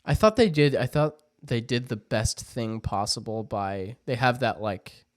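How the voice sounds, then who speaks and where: A young man co-hosting a podcast, chatting casually and playfully, with quick laughs. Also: mid-range voice, animated, no room sound, clean studio sound. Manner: playful, hums tunes and mimics voices, laughs often. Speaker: podcast co-host. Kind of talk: casual chat.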